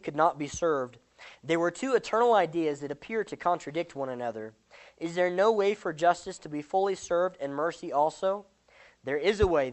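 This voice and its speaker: A religious speaker giving a sermon, explaining a doctrine and then reading a parable aloud in an earnest, deliberate way. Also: mid-range voice.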